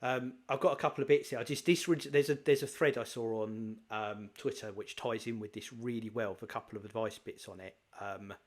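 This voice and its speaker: A man's voice: lowish voice, steady tone, a little fast, few pauses. A man hosting a casual podcast chat, encouraging and steering the conversation. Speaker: podcast host.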